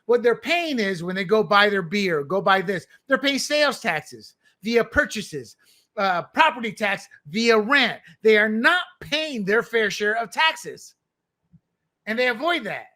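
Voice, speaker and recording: High, bright-voiced combative male commentator. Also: lively intonation, measured pace. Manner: combative, emphatic, scornful. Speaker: political commentary host. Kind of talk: opinionated political commentary.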